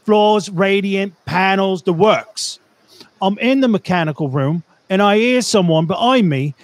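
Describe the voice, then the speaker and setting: A man putting on a gruff Cockney tradesman. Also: sits high, measured pace. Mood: storytelling. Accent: put-on Cockney. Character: gruff Cockney tradesman telling a job story.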